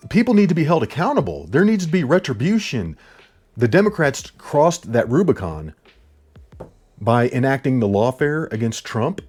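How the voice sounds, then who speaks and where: A man delivers a ranting political commentary, loud and heated, close to yelling the whole time. He talks bluntly with swearing and hammers his points over and over. A little music plays faintly behind him, and his pitch sits in an ordinary middle range. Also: breathy edge. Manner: repetitive, blunt, profane.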